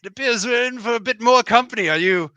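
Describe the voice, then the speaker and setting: A man's voice: very high-pitched, quick pace, bright, forceful tone, dry recording, dull audio, voice pushed up. A man voicing a pompous male mouse knight in full plate, with a put-on upper-class English accent and a courtly, blustering manner. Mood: jovial.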